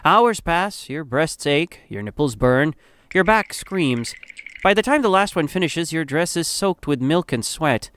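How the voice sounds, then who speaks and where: A man's voice: a little high, big pitch swings, a little slow, a bit bright, clear, resonant tone. A man narrating a dramatic story in the second person, in a grave, somber manner.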